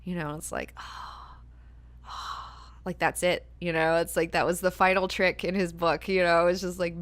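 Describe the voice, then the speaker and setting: A woman's voice: fairly low pitch, level tone, normal speed. A woman hosting a book club discussion, talking casually with many fillers and frequent swearing. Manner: chatty, filler-heavy, swears freely.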